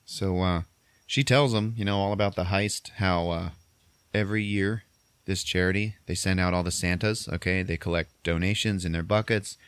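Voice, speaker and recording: A man's voice: sits low, steady tone, moderate pace, a bit bright, clear, resonant tone, no echo. A man hosting a podcast, casually recapping a movie as a profane storyteller. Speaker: podcast host.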